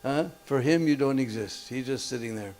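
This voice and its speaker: A man's voice: medium pitch, normal speed, darkish tone. A man preaching in a temple hall, telling a story and checking with his listeners with short questions and chuckles. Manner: keeps checking listeners with short "hmm?" and "huh?", chuckles often. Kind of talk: storytelling sermon.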